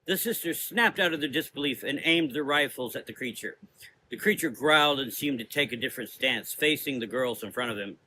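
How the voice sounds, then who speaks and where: A man narrating a gothic horror audio drama in a steady, vivid storytelling manner. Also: medium pitch, fairly quick, a little hiss or hum, poor audio.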